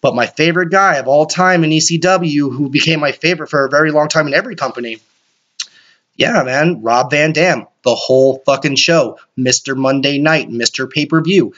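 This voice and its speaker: A man hosting a solo podcast, rambling excitably and swearing often. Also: a little high, moderate pace. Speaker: podcast host. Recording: dull lo-fi recording.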